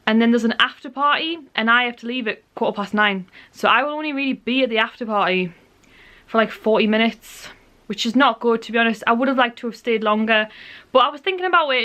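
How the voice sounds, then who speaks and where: A young English woman vlogging in a chatty, excitable way, rambling through her plans with lots of "like" and "um". Her voice sits a little high. She sounds close to a handheld camera. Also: fast. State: out of breath. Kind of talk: casual vlog chat to camera.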